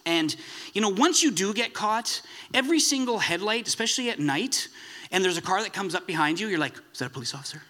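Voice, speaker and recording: Guy pastor telling a story in his sermon, kinda high bright voice, laughs at himself, stumbles and restarts a lot. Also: lively intonation, a little fast. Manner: chatty, self-deprecating, many restarts.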